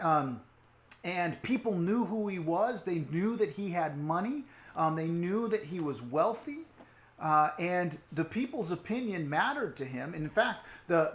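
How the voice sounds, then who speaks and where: A man preaching an online sermon, telling a story expressively, sinking into hushed tones and rising again, with casual asides. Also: sits high, roomy sound. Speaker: youth pastor.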